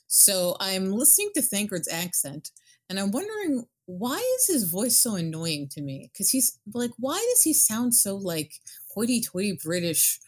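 A woman co-hosting a casual chat about a video game. She rambles, swears casually and gets animated. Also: on the low side. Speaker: podcast co-host.

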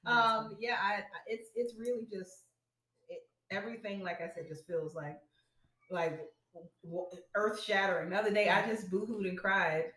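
A woman's voice: moderate pace, echoey room. A woman chatting casually, telling stories with lots of laughter and acting out the quotes. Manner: animated storyteller, laughs often, acts out quotes in a high voice. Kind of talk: casual chat.

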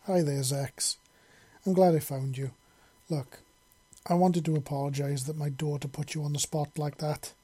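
Man reading as a kind mother, gentle, earnest, slightly raised pitch, storybook. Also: fairly even intonation, moderate pace, husky. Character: grown human woman, kind and earnest mother.

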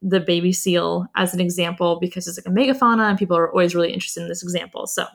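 Gravelly, low-voiced woman chatting. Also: fairly even intonation, rapid-fire. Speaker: conservation outreach educator. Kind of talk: casual conversation.

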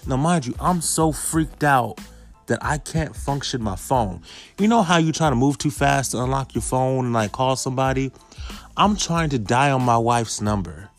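A man in his thirties casually telling viewers a story, swinging from hushed asides to loud exclamations. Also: medium pitch. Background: faint background music.

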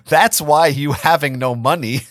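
A man's voice: fairly high pitch, measured pace, no room sound, clean studio sound, lightly acted. A man voicing a flustered teenage leader. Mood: defensive. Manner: defensive, earnest. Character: flustered teenage boy, serious squad leader. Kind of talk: dramatic fan-fiction reading.

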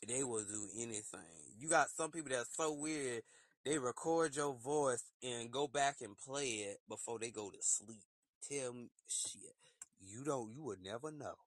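A man talking in a casual solo rant, animated and slipping into shrill put-on voices for quotes. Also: moderate pace, no echo. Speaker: podcast host.

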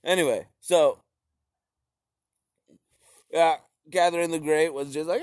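A man's voice: on the high side, fairly even intonation, takes it slowly, long pauses, no room sound, clean studio sound. A young man giving a rambling, profane comedic history rant, full of slips and restarts.

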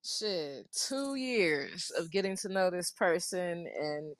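Low-voiced woman host, dry close sound. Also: animated, slow pace, no echo. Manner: emphatic, repeats words. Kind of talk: casual tribute chat.

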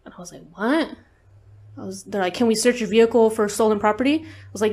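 Her fairly high voice has a darkish tone, and she speaks fast as an interview guest relating a personal story. She's frank and profane, with frequent swearing and plenty of fillers.

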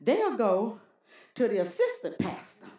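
A woman preacher delivering a folksy, animated sermon with call-and-response, in a church. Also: on the high side, unhurried. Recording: roomy church hall echo.

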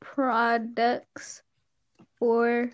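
Animated young woman, lo-fi chat. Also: a little high, clear, resonant tone. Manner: animated, expressive exclamations and quick asides. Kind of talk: casual chat. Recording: dull lo-fi sound.

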